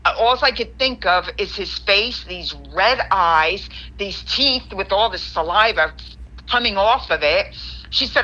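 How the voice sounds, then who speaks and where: A woman caller on a podcast, telling a story and quoting her friend in animated asides. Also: medium pitch, measured pace, dull audio. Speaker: guest caller.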